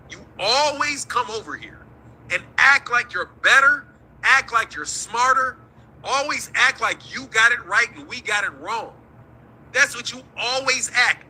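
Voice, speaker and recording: Casting: middle-aged man, very bright husky voice, heated and profane. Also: very high voice, low-quality recording. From United States. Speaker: boxing talk show host. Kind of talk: livestream rant.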